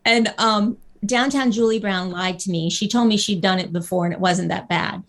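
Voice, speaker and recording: A woman guest telling a lively anecdote in a casual interview, acting out the people she quotes. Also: mid-range voice, moderate pace. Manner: animated storyteller, acts out quotes. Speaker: guest actress.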